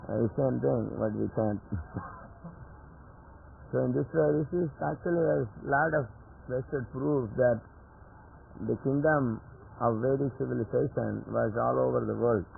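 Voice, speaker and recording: A man's voice: mid-range voice, unhurried, gravelly, pauses often, a little hiss or hum. A man giving a devotional scripture lecture in a chatty storytelling way, chuckling at his own jokes, heard on a tinny lo-fi 1980s tape.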